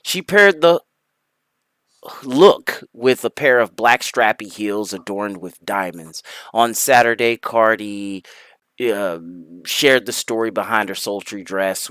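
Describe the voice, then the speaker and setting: A man hosting a casual stream, reading celebrity news aloud with crude jokes and loud laughing outbursts. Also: on the low side, slow pace, clean tone, dry recording. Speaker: streamer host.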